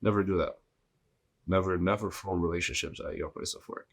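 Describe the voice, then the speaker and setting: A man with a very deep, husky voice hosting a solo podcast. He talks bluntly and casually, mixing crude jokes and swearing into his advice. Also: fairly even intonation, brisk. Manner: blunt, profane, joking. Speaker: podcast host.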